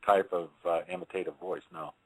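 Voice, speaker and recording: A male guest with a very low, deep voice, heard dry with almost no room sound. He explains things in a halting, measured way during a radio interview. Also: fairly even intonation, no echo, low-quality recording. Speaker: paranormal investigator guest.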